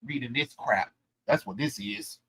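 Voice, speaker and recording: A man's voice: mid-range voice, unhurried, a bit bright, breathy edge. A man live-streaming a comic book reading, making sarcastic, dismissive, rambling asides while his allergies give him a runny nose.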